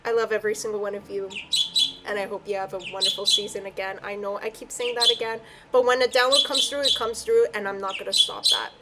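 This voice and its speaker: A woman's voice: mid-range voice, fairly even intonation, quick pace, heavy background noise. A woman giving a heartfelt solo spiritual reading, earnest and emotional, her voice close to tears at times. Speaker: tarot and I Ching reader.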